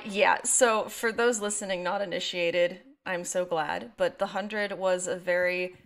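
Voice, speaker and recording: A woman's voice: fairly low pitch, fairly bright tone. A woman in her twenties co-hosting a podcast who talks at length in a wry, sarcastic way and wanders onto side thoughts. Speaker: podcast co-host. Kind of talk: casual podcast chat.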